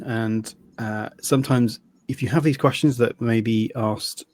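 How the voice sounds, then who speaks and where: A man's voice: mid-range voice, steady tone, a little slow, a little mellow, dry recording. A man co-hosting a podcast in casual chat, friendly and earnest. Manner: friendly, earnest, with fillers and restarts. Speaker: podcast co-host.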